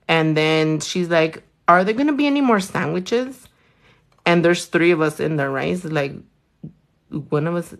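Chatty, profane woman with a gravelly low voice. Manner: chatty, profane, animated storytelling. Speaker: nail artist vlogger. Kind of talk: casual storytime chat while doing nails.

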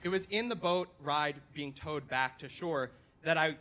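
A man's voice: a little high, unhurried. A young man telling a funny personal story on stage at a live storytelling night. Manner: comic, animated retelling. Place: stage at a dance venue.

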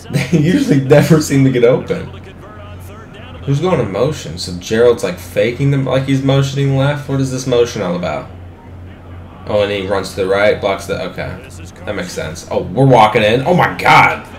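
A young man giving live, excitable commentary on his own football video game, swearing freely and talking at the screen. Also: medium pitch, roomy sound. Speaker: gaming commentator.

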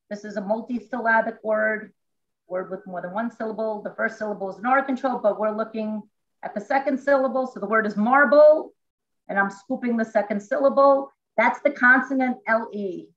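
A woman's voice: on the high side, fairly bright tone, lo-fi sound. A woman teacher at home, chatting animatedly as she demonstrates a classroom reading method step by step over a video call.

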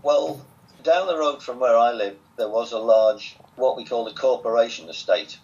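Over a dull, lo-fi recording, an older man from England with a Southwest Lancashire accent spins relaxed stories as an interview guest. His voice is medium in pitch, a little mellow, and moderately paced, and his manner is chatty, wry and self-amused.

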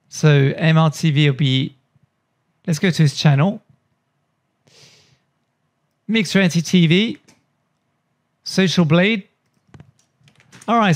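A man from France hosting a YouTube channel, chatting casually and enthusiastically, rambling and repeating himself. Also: high voice. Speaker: YouTube host. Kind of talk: casual commentary.

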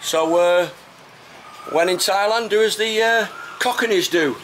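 Chatty English man, high voice. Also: unhurried. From England. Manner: chatty, enthusiastic, keeps saying fantastic. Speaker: travel vlogger. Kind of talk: casual handheld travel vlog. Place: outdoors on a tropical island, beaches and roadside. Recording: noisy outdoor camera audio.

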